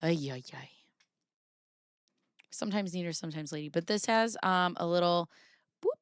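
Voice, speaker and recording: Woman host rambling thru handwriting samples, kinda low voice, clean dry sound. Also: normal speed, clear, resonant tone, dry recording. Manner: rambling, self-interrupting, apologetic asides. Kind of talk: casual commentary.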